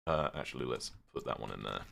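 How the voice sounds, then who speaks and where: Deep-voiced man chatting on stream. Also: expressive, quick pace, creaky, a bit bright. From United Kingdom. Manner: rambling, chatty, laughs often at himself. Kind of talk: casual livestream chat while playing a game.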